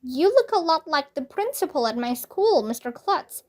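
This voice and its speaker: A nervous, stubborn schoolboy, as a woman reading aloud puts him on. The voice is high and the delivery jumpy and protesting, in a storybook read-aloud. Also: very animated, normal speed.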